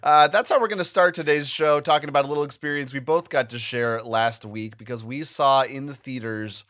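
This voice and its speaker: A man's voice: medium pitch, a little fast, fairly bright tone, no echo, studio quality. A man co-hosting a podcast in casual chat, joking and rambling, often laughing. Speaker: podcast co-host. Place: New Jersey.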